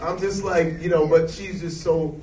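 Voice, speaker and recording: A man in his forties, an actor being interviewed, telling stories in an animated, jokey way. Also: fairly high pitch, moderate pace. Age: 40s. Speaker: actor guest. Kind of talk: casual interview. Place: event hall with an audience. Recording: echoey hall, distant mic, noise.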